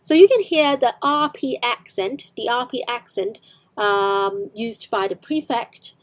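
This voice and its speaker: Hong Kong-accented woman English tutor, a touch high-pitched, chatty explainer who restarts her sentences. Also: unhurried. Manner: explanatory, with frequent fillers and self-corrections. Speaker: English teacher. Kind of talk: online English lesson explaining film clips.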